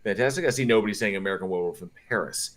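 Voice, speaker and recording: A man's voice: lowish voice, very fast, crowd noise. A man co-hosting a horror podcast, reading viewer comments from a live chat and laughing often in casual, profane banter.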